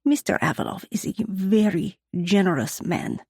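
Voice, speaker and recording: A woman's voice: medium pitch, normal speed, darkish tone, slightly rough, no echo, studio quality. Woman voicing a stern older nanny. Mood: formal. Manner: formal, scolding.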